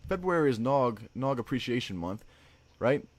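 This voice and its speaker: A man's voice: mid-range voice, big pitch swings, normal speed. A man hosting a casual livestream, rambling and joking, often tacking "man" onto his sentences and laughing. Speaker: livestream host.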